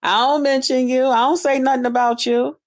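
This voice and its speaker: A woman's voice: high-pitched, level tone, normal speed. A woman hosting her own stream, delivering an angry, profane rant that taunts a rival. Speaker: online streamer.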